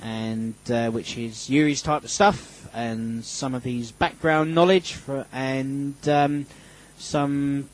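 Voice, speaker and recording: Guy hosting a radio show, mid pitch, rambly, lots of ums and restarts, jokes at his own expense. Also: fairly even intonation, slow pace, hardly any pauses, low-quality recording. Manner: rambling, with many fillers and restarts; joking, self-mocking. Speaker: radio host. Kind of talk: casual radio show chat.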